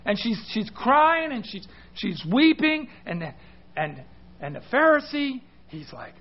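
A man's voice: extremely high pitch, big pitch swings, measured pace, highs cut off. A man preaching a sermon, emphatic, putting questions to his listeners and often restarting his words. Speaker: pastor.

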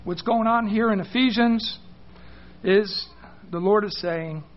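A man's voice: high-pitched, takes it slowly, muffled recording. A man preaching a sermon, emphatic, putting questions to his listeners and often restarting his words. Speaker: pastor.

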